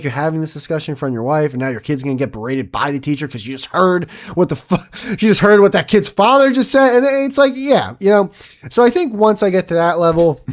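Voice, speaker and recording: A man hosting a solo podcast, rambling and self-mocking, swearing often. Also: a little high. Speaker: podcast host.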